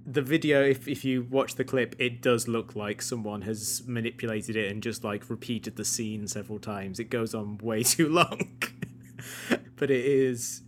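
A man's voice: medium pitch, fairly even intonation, a little slow. A man co-hosting a casual film chat with wry, dry humor and frequent chuckles. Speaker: podcast co-host. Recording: faint hum and noise.

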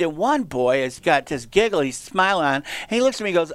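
A man in his sixties, a teacher, telling animated stories in casual chat in a radio studio and laughing often. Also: a little high, brisk, hardly any pauses, clear, resonant tone, no echo. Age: 60s. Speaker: radio show guest teacher. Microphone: studio microphone.

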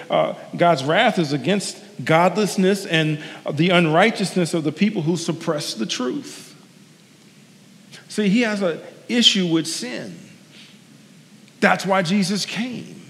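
A man's voice: on the high side, long reverb tail. A man delivering a sermon as a guest preacher, earnest and conversational, repeating his key lines for emphasis with personal asides. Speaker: guest preacher, sports team chaplain.

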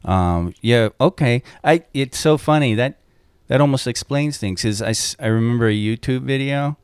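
Gravelly male co-host, loose rambling storyteller, dry close mic. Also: medium pitch, moderate pace, no echo. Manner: rambling, swears, restarts often. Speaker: podcast co-host. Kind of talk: casual podcast chat, storytelling.

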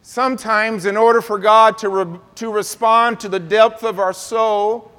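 A man preaching a sermon at an unhurried pace, his voice pitched fairly high for a man. He draws the congregation into call-and-response. The sound carries a long reverb of a large sanctuary. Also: fairly even intonation, a bit bright, smooth. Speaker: pastor.

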